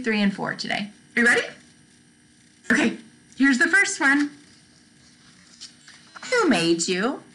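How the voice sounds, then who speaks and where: Slow, encouraging woman teaching toddlers. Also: on the high side, noisy background. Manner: encouraging, repeats questions and praises often. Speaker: children's teacher. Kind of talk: slow, gentle toddler Bible lesson.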